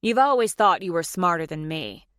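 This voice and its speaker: A smug, spiteful man, read by a woman narrator, quick and sneering in her own plain voice. The sound is dry and close to the mic. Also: lowish voice, lively intonation, fairly bright tone, dry recording.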